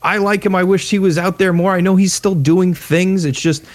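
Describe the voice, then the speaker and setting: A man's voice: sits high, fairly even intonation, moderate pace, dry recording. A man co-hosting a casual gaming podcast, chatty and nostalgic, rambling through stories. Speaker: podcast co-host. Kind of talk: casual chat.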